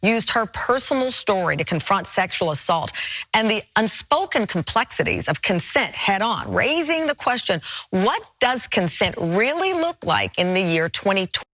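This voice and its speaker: A woman hosting a live daytime talk show in a TV studio, energetic, conversational and sincere as she welcomes viewers and questions her guests. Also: mid-range voice, moderate pace.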